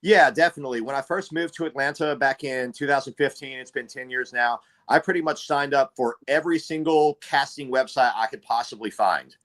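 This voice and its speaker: A man's voice: medium pitch, a little fast, hardly any pauses, fairly bright tone. A man hosting a casual chat, talking in an upbeat, encouraging way. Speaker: host, actor.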